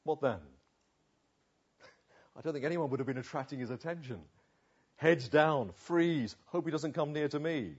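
A man delivers a sermon in an expressive way, slowing down for emphasis and then hurrying through asides. His voice sits a little high and sounds a touch husky. The recording is somewhat dull and muffled. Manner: expressive, varied delivery with slow emphatic pauses. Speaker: preacher.

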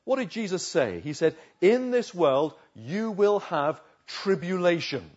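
Husky preacher with big dynamic swings. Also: male voice, high-pitched, big pitch swings. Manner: dramatic swings from loud urging to hushed, slow pleading. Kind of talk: sermon. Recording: dull lo-fi recording.

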